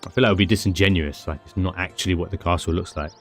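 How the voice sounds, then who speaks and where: British male streamer, deep voice, chatty and rambling, game commentary with faint music behind. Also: fairly even intonation, rapid-fire. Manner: chatty, rambling, self-mocking asides. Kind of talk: casual gameplay commentary.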